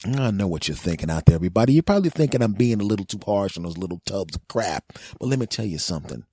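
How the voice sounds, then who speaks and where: A man in his forties delivering a blustering, profane comedy rant as a podcast host. His voice is low, husky and mellow. It is recorded close and dry, with no room sound. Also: lively intonation, fast, no room sound. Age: 40s.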